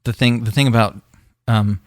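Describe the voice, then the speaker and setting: This podcast co-host has a mid-range voice with fairly even intonation and a moderate pace. He rambles casually, with frequent fillers and restarts, in a dry, studio-quality recording.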